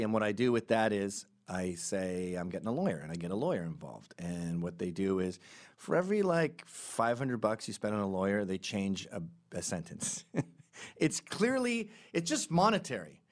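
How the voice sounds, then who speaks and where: A man hosting a podcast, telling stories in a casual comedic monologue with quick asides. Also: lowish voice. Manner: animated storytelling with quick asides and laughs. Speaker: podcast host.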